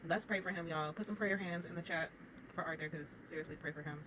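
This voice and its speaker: Woman, fast and animated recap commentator, lowish voice, with audible background noise. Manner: animated, opinionated, talks straight to the viewers. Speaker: reality TV commentator.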